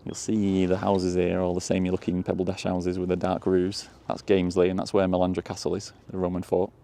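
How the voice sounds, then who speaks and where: Out in the countryside, a man vlogs his walk along fields and lanes, chatting loosely and laughing now and then. He speaks fairly fast in a low, gravelly, dark monotone.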